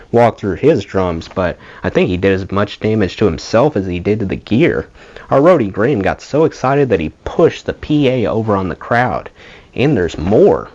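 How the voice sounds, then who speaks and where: Guy reading a rock memoir out loud, low voice, laid back storytelling, dull lo-fi sound. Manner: casual storytelling read. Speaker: audiobook reader. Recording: dull lo-fi home recording.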